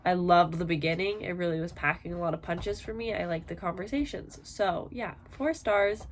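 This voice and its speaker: A woman's voice: on the low side, moderate pace, slight background noise. A woman in her twenties chatting casually in a book vlog, rambling with lots of fillers. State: tired, yawning. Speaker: book vlogger.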